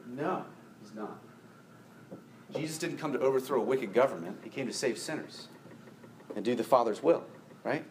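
A man preaching a sermon to a congregation, animated, rising in pitch and force when he presses a point. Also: moderate pace, long pauses, a little hiss or hum. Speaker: pastor.

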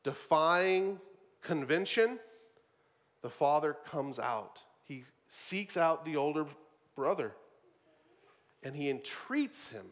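A preacher man with a fairly high voice that leaps up and down. He delivers his sermon with animation, punching key words loudly and then dropping low for asides. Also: slow pace, pauses often. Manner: animated, shifts from loud emphasis to low asides, repeats words.

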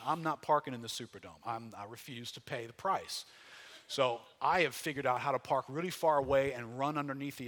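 A man preaching a sermon in a conversational, folksy way, rising loud and dropping low. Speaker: pastor.

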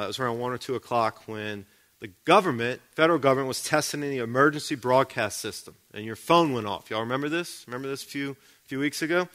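A man's voice: mid-range voice, a bit bright. A man preaching a sermon in a conversational way, often checking in with the congregation with questions.

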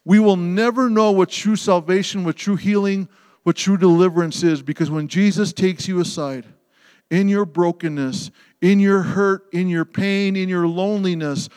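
A man preaching a sermon with passion, swinging between loud emphasis and hushed, tender passages. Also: high-pitched, steady tone, normal speed, smooth. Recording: long hall reverb.

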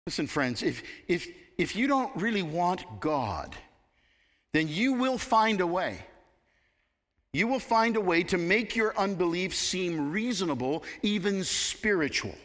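Male preacher, slow and deliberate, lively rising and falling delivery, long hall reverb. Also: sits high. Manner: expressive, emphatic preaching with dramatic pauses. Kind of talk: sermon.

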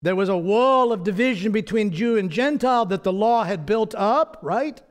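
A man with a fairly high voice preaching verse by verse through a letter of scripture. He teaches in an earnest, conversational way and keeps checking in with his listeners through rhetorical questions. When he quotes the text aloud, his voice climbs and slows. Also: expressive. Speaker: pastor. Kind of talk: expository sermon.

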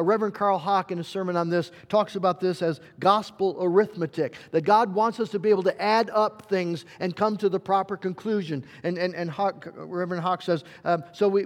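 High-voiced preacher in a reverberant church. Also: male voice. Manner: earnest, repeats words when searching for a phrase. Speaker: pastor. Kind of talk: sermon.

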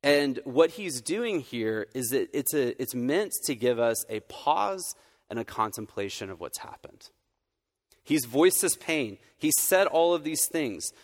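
A man's voice: mid-range voice, very animated, a little slow. Earnest man preaching in a reverberant hall. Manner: conversational, earnest, with frequent restarts. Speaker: campus minister. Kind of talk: sermon.

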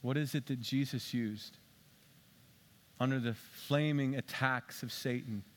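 A man preaching a sermon as a pastor, conversational and self-mocking, with jokes, swinging between loud emphatic bursts and low quiet stretches. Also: fairly even intonation, measured pace, slight background noise.

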